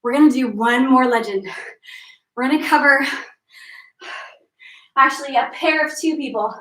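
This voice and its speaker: Young female fitness instructor, high and bright, playful storyteller cueing moves; off-mic in a roomy space. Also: normal speed, recorded from a distance. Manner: energetic, playful, retelling a legend while cueing moves. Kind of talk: live workout class with storytelling. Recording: echoey room, voice off-mic.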